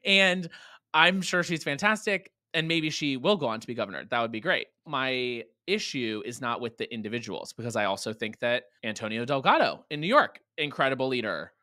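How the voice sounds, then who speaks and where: A man co-hosting a political podcast, animated and opinionated, laughing often. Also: medium pitch, brisk, no room sound, clean studio sound. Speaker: podcast co-host. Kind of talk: casual political podcast chat.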